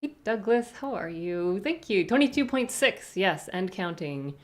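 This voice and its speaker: A woman's voice: mid-range voice, lively intonation, a little slow. A woman streamer chatting casually on a live stream, greeting viewers one by one with rambling asides.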